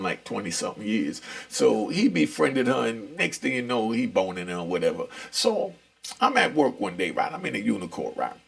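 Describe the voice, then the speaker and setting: A middle-aged man spins a laid-back, streetwise yarn, his voice heavy with gravel and fry. The tone is husky and a bit rough, and he keeps tossing in slang and little asides. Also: medium pitch. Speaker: storyteller recounting prison life. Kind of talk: casual storytelling.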